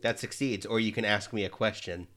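A man's voice: fairly low pitch, steady tone, brisk, a crowd in the background. A man running a comedic tabletop game as game master, giving terse, crude, joking rulings.

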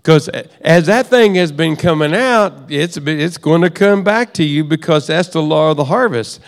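A man's voice: a little high, moderate pace, big-room sound. A middle-aged man teaching a sermon in a conversational way, often repeating and restarting phrases. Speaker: preacher.

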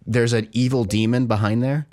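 A man co-hosting a podcast, talking in an animated, exasperated way and filling his speech with "like". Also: mid-range voice, moderate pace. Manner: animated, exasperated critique with frequent "like". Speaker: podcast co-host. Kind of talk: casual chat.

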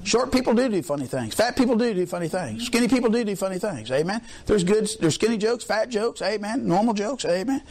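A man preaching a sermon in a colloquial way, leading call-and-response with the congregation and often swelling into shouts. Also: sits high, lively intonation, fairly quick, few pauses. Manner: colloquial, peppers lines with "amen", swells into shouts.

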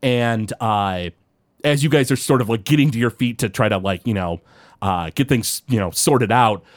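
A man's voice: medium pitch, normal speed. A man running a tabletop game as game master, narrating in a rambling way with many fillers.

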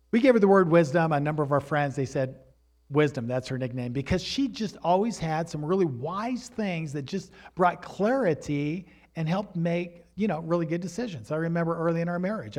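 A middle-aged man preaching a sermon, mixing plain exhortation with a personal story told in a relaxed, conversational way. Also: mid-range voice. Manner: rises to emphatic exhortation. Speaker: pastor.

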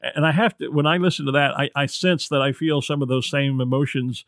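A man's voice: medium pitch, fairly even intonation, brisk, fairly bright tone, no echo. Chatty American man, dry sound. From United States. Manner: friendly, chatty. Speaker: interviewer. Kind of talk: casual interview.

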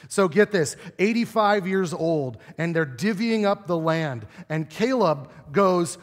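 A man's voice: high voice, expressive, slow pace, few pauses. A pastor giving a conversational sermon in a church, often asking his listeners rhetorical questions. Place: church sanctuary. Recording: long reverb of a church hall.

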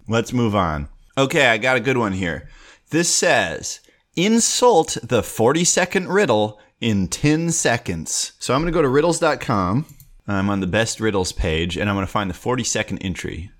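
A young man hosting a solo podcast, chatting in a playful, jokey way. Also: lowish voice. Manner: playful, animated, jokey asides. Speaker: podcast host. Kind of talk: solo comedic podcast chat.

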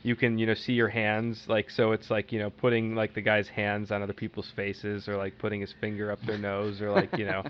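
A man's voice: on the low side, monotone, a little fast, few pauses. A man co-hosting a casual podcast chat, rambling and using many fillers. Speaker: podcast co-host. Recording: dull lo-fi audio with faint hiss.

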